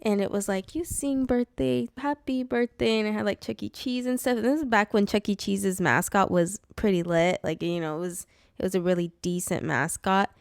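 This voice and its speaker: A woman's voice: mid-range voice, fairly even intonation, fairly quick, clear, resonant tone, no room sound, clean studio sound. A woman co-hosting a podcast, telling a personal story in a rambling, casual way, full of "like" and laughter. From California. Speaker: podcast co-host. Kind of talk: casual chat.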